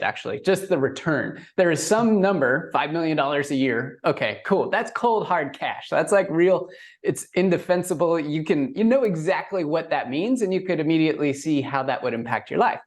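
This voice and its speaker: Man hosting a conversational interview. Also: fairly high pitch. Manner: conversational, frames questions, quick affirmations. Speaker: podcast host. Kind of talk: casual interview.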